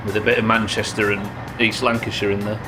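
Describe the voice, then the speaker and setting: A man's voice: lowish voice, little pitch movement, quick pace, low-quality recording. A man streaming a game live, chatting, joking and reading out viewer comments. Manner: chatty, reads chat aloud, jokey. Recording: game music behind.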